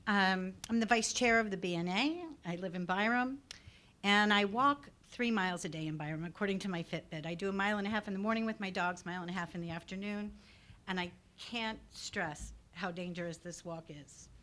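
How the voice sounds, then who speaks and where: A woman's voice: mid-range voice, brisk, fairly bright tone. A woman, vice chair of a neighborhood group, giving an earnest and shaken public comment at a town meeting. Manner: earnest, shaken personal testimony.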